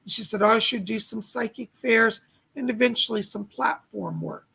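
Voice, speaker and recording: A male psychic medium on a live stream, hoarse from losing his voice, relaying spirit messages and thanking donors by name. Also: high voice, moderate pace, sharp tone. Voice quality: gravelly, husky voice. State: losing his voice, clearing his throat.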